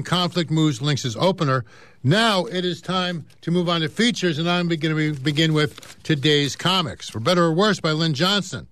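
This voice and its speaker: A man's voice: fairly high pitch, fairly bright tone, no room sound, studio quality. Man casually reading the news and comics. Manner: casual, with offhand asides and self-corrections. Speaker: newspaper reader.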